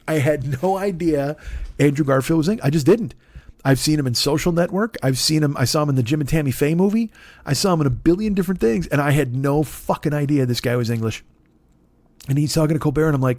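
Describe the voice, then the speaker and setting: A man's voice: medium pitch, fast talker, darkish tone, no echo. A man in his fifties hosting a comedy podcast, rambling in a profane, self-deprecating monologue. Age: 50s. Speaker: podcast host.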